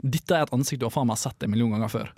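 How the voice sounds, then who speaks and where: A man's voice: medium pitch, racing, a little mellow, slightly rough, no echo. Easygoing guy reacting to clips, mid voice, dry close sound. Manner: enthusiastic, casual, swears lightly. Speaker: reaction video host.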